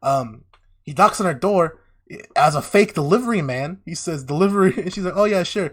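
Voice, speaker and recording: A man co-hosting a casual podcast, recapping an anime with animated storytelling and acted-out lines. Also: on the high side, moderate pace, husky. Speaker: podcast co-host.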